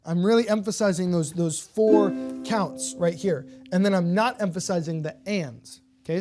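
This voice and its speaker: A woman's voice: lowish voice, moderate pace, hardly any pauses. Encouraging woman teaching ukulele. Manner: patient, encouraging, checks in with "okay?" often. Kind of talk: step-by-step music lesson, counting beats aloud.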